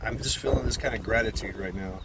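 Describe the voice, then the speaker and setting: A man's voice: fairly low pitch, quick pace, very noisy. A man talking casually to his channel's viewers, rambling and swearing, often repeating his words. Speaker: channel creator. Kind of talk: casual vlog monologue.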